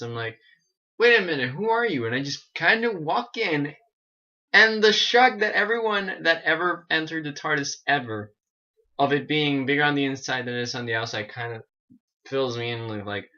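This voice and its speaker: A man tells a story to his vlog camera at home, rambling and animated and often restarting his sentences. His voice is bright and pointed. The recording sounds dull and lo-fi. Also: medium pitch. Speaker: vlogger.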